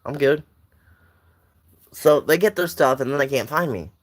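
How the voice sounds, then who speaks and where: This young man's voice is a little high, and he keeps a moderate pace. He wanders through a personal anecdote in a relaxed way, restarting often and tossing in side notes.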